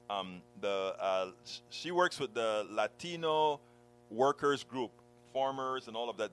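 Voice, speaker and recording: A man's voice: medium pitch, a bit bright, smooth, rough recording. A blogger and speaker telling a personal story with passion, often repeating words and starting over as he acts out what people said.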